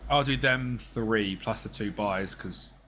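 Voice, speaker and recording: A man with a lowish, sharp-toned voice speaks slowly while giving relaxed, slangy commentary on his gameplay, even talking back to the characters. He's a gaming streamer, and the recording carries a little hiss or hum.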